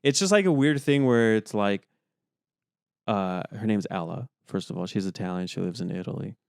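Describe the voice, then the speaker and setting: A young man co-hosts a podcast, chatting casually and rambling with plenty of fillers. His voice is on the low side and creaky, at a moderate pace, recorded with studio quality and no room sound.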